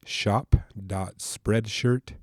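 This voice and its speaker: A man's voice: fairly low pitch, steady tone, very slow, no room sound, studio quality. A man hosting a podcast, talking in a laid-back, casual way with a stuffed-up nasal voice from allergies. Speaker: podcast host. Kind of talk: casual podcast intro and chat.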